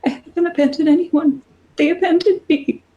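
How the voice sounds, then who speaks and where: A woman putting on the voice of a lost, ancient goddess who was left behind and broken into pieces, and now sobs as she repeats her words like a mantra. The voice is pitched well above a normal speaking voice. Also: fairly even intonation, normal speed, warm tone, lo-fi sound, natural voice. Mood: grieving. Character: ancient grieving female goddess, split apart.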